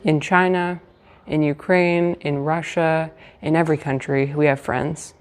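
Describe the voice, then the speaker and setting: A woman's voice: low voice, fairly even intonation, measured pace. A woman from the United States chatting casually on a live stream from a hotel room, rambling with lots of fillers and restarts. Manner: trying to keep her voice down. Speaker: livestreamer.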